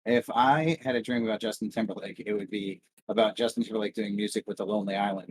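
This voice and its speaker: A man's voice: lowish voice, fairly even intonation, fast talker, hardly any pauses, husky. A man co-hosting a podcast in casual crude, sarcastic banter. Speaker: podcast co-host. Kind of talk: casual chat.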